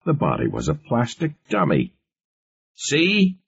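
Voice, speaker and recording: Very deep, husky male storyteller. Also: measured pace. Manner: steady storytelling. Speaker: audiobook narrator. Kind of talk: scripted narration. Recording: muffled lo-fi recording.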